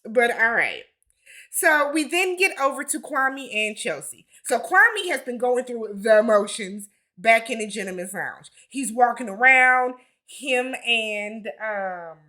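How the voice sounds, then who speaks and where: Sassy, bright-voiced woman recapping a show. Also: on the high side. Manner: sassy, blunt, slangy asides. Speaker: reality TV recap host. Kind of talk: casual episode recap and commentary.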